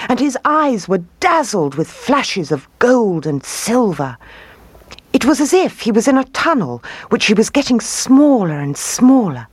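A woman reading a fairy tale aloud in an expressive, lilting storybook manner. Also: medium pitch, slightly rough, no room sound.

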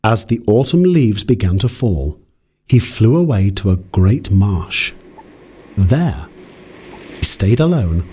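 A man narrating a children's fairy tale in a calm, measured storytelling voice. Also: lowish voice, slight background noise.

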